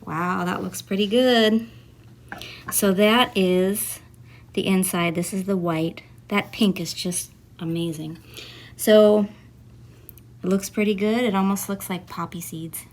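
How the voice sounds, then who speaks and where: A woman's voice: mid-range voice, fairly even intonation, takes it slowly. A woman hosting a casual home gardening vlog, talking chattily and sometimes chewing as she speaks. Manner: chatty, chews while talking at times. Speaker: gardening vlogger.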